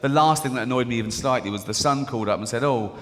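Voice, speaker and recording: A man's voice: mid-range voice, very fast, fairly bright tone. A middle-aged English man performing a stand-up comedy routine, chatty and conversational, checking in with the audience as he goes. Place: large venue with an audience. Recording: reverberant live hall, audience noise.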